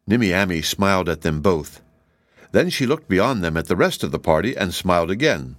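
A man reading a children's book aloud as an expressive storyteller. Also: low-pitched, moderate pace, no room sound.

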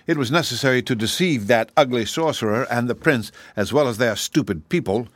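A man voicing a kindly little male wizard who admits to being a humbug, explaining things gently in an audiobook reading. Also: mid-range voice, a little fast, no room sound, lightly acted.

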